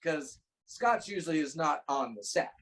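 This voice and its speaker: A man's voice: on the high side, expressive, normal speed, fairly bright tone, rough recording. A man, a guest actor, telling a rambling anecdote in casual chat on a video call, acting out the voices he quotes.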